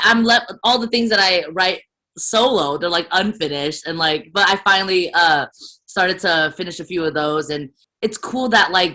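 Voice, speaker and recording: Bright-voiced young woman, animated and emphatic. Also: fairly low pitch. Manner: animated, emphatic, rambling with many fillers. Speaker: actress guest. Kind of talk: casual video call conversation. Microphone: video call.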